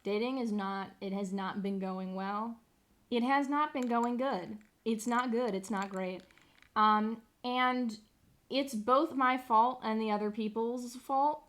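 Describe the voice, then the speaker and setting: A woman's voice: on the high side, takes it slowly, fairly bright tone. A young woman streamer chatting casually, rambling, sarcastic and swearing freely. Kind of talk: casual live-stream chat.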